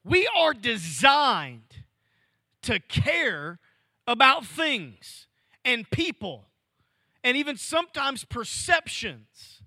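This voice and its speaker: High-voiced pastor preaching with dramatic swings. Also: male voice, sing-song, drawn-out words, pushed and bright, no room sound. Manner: preaching with sweeping swings of pitch and volume, dropping to near-whispers. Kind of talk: sermon. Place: church.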